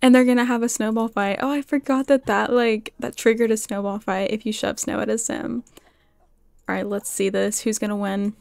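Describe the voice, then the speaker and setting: A chatty woman commenting on her game session as she plays, quick to gasp and laugh. Her voice sits a little high, with a gravelly fry running through it. The sound is close and dry, with almost no room around it. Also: no room sound. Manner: chatty, excitable, gasps and laughs often. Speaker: game streamer. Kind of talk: casual gameplay commentary.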